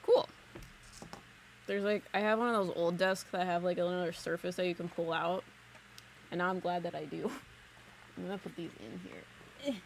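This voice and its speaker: Her voice is lowish, gravelly, and steady in tone, moving at a moderate pace with frequent pauses. She is a psychic medium streamer at her home desk, chatting casually and giggling through a live reading with plenty of "like" fillers, while a desk mic catches slight background noise.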